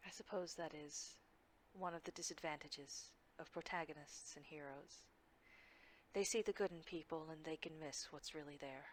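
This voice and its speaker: A woman running a tabletop game, narrating and speaking in character with measured, formal phrasing. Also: sits low, steady tone, a little hiss or hum. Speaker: game master.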